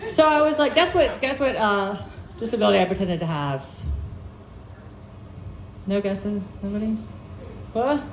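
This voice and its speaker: A woman's voice: mid-range voice, animated, unhurried, long pauses, a little hiss or hum. A woman doing a stand-up set on a bar stage, telling stories in a brash, profane, self-mocking way. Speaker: stand-up comedian. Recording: echoey live room.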